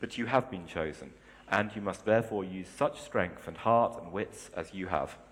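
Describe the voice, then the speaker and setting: A man's voice: sits low, moderate pace, close to an everyday voice. A man reading the lines of a grave, wise old male wizard. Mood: solemn. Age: older. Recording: long hall reverb.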